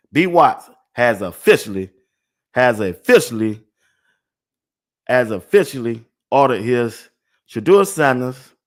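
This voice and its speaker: Older guy doing a laid-back sports stream, talks slow, keeps laughing and saying stuff again and again. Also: medium pitch, fairly bright tone. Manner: laughs often, repeats phrases over and over. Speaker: sports talk show host. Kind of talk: casual livestream chat.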